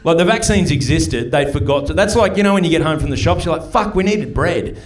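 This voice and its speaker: A man's voice: fairly high pitch, fast. Middle-aged Australian man doing stand-up. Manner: chatty, punchy storytelling with mock voices. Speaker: stand-up comedian. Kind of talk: stand-up comedy set. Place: comedy club stage before a live audience.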